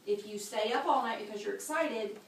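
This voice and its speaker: Speaking a little fast in a voice on the high side, a woman leads a practical childbirth class at a birth center, acting out the moves with gestures as she talks them through. The classroom is echoey and the mic is far away, with slight background noise.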